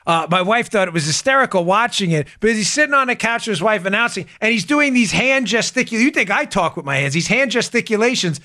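A man hosting a political commentary talk show, animated and indignant, often calling his listeners folks. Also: sits high, fast talker, few pauses. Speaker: host.

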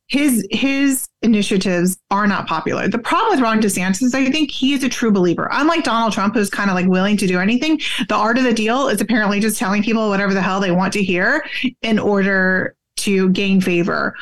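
A woman in her forties, a guest on a podcast, talking candidly and bluntly in a casual political conversation. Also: medium pitch.

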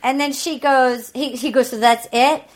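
High-voiced woman recapping a show. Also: steady tone, moderate pace. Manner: retells scenes by acting out both sides of the dialogue. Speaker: podcast co-host. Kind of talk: casual chat, recapping a reality show.

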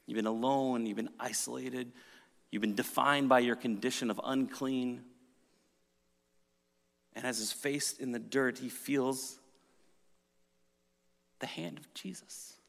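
A man preaching a sermon with dramatic shifts from loud emphasis to hushed retelling. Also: mid-range voice, steady tone, unhurried, gravelly, long pauses. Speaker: pastor. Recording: reverberant hall.

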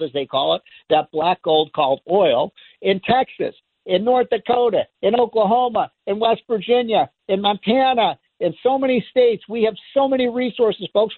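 A man with a fairly high voice delivers an impassioned political monologue as a radio talk host. He is emphatic and sarcastic and drives each point home through repetition. The sound is thin and phone-like, with no room echo. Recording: tinny phone-line sound, dry.

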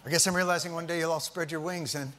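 A man's voice: a little high, fairly even intonation, fast, very noisy. A man hosting a comedy sketch, speaking in a mock-sentimental way.

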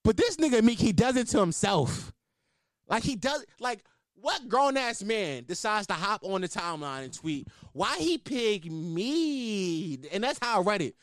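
At a moderate pace and in a high-sitting voice, a young man hosting a podcast riffs in loose, laughing, profane comedy. The casual commentary is animated, and the studio-quality audio has no room sound.

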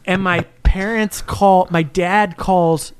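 A man's voice: sits high, fairly even intonation, takes it slowly, clear, resonant tone. Laid-back, laughing guy telling a story. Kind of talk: casual podcast chat.

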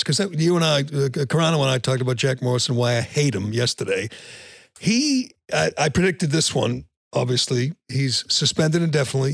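A man's voice: medium pitch, gravelly, no room sound, studio quality. A man hosting a podcast, ranting bluntly about sports with frequent restarts. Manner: blunt, ranting, repeats words when starting sentences. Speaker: podcast host. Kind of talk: opinionated sports talk.

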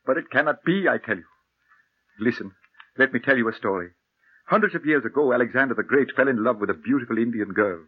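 A fatherly old professor speaks in a husky voice, grave and pleading in turn. He sounds like a muffled 1940s radio drama. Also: medium pitch, expressive, fast. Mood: grave storytelling. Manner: urgent, pleading and paternal. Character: earnest elder professor warning a young man.

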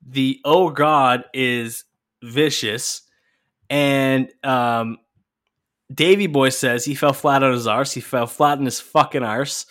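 A man hosting a podcast, telling a story in an animated, profane, casual way. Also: medium pitch, slow pace. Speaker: podcast host. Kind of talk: casual chat.

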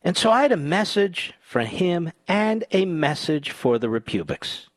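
A man's voice: very animated, measured pace, no echo. Combative male talk radio host. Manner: combative, sarcastic, swings from loud outbursts to low asides.

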